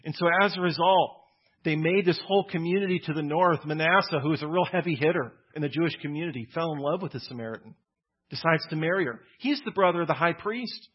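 Guy preaching, kinda husky, bit high voice, dull lo-fi recording, chatty and emphatic. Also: fast talker. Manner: conversational, emphatic, repeats words when building a point. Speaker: pastor. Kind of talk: sermon.

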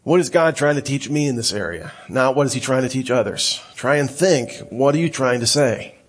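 A male pastor preaching a sermon, reading scripture aloud and telling stories in an animated way. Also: medium pitch, moderate pace. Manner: animated storytelling, quoting scripture.

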